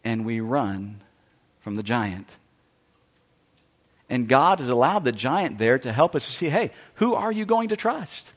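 A man's voice: mid-range voice, expressive, unhurried, pauses often. A man preaching a sermon with dramatic delivery, acting out the voices of Bible figures and worried churchgoers. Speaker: pastor. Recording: long hall reverb.

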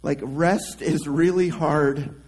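Slow, gentle-voiced male pastor preaching. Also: on the high side, steady tone, husky, poor audio. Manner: slow, reflective preaching with drawn-out soft phrase endings; conversational asides and self-restarts. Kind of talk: sermon.

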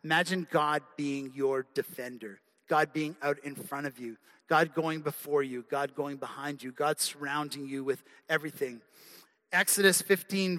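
A man's voice: fairly high pitch, sharp tone. A male preacher giving an earnest, conversational sermon in a church. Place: church sanctuary. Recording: long hall reverb.

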